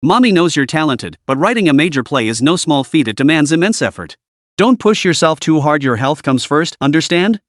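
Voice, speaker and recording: A gentle caring mother, as a narrator voices her, soft and concerned. The pitch stays lively. The sound is dry and close. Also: a little fast, dry recording, lightly acted.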